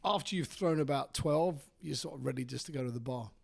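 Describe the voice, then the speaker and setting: A man's voice: medium pitch, fairly quick, gravelly, slightly rough. A man from London with a London English accent, co-hosting a podcast with dry, joking banter. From southern England, London. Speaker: podcast co-host. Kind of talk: casual podcast chat.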